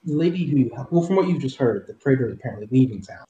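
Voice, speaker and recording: Mellow-voiced man running a tabletop game. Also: medium pitch, lively intonation, quick pace, roomy sound, dull audio. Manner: descriptive, with fillers. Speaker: game master.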